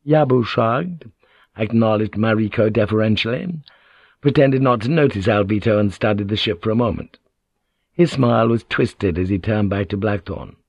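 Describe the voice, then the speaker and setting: A man narrating a novel in an even, measured storytelling voice. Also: on the low side, gravelly, slightly rough, no echo, muffled recording. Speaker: audiobook narrator.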